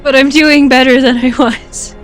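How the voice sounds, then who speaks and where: High-voiced, giggly woman streamer. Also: fairly even intonation, moderate pace, soft background music. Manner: playful, giggly banter. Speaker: game streamer. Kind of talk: casual live-stream chat.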